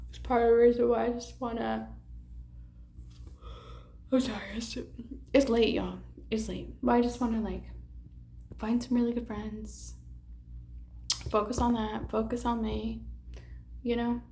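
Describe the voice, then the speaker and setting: Tired young woman, gravelly rambling chat. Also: fairly high pitch, a little mellow. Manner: rambling, candid, swears, many fillers and restarts. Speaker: vlogger. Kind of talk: casual chat to camera.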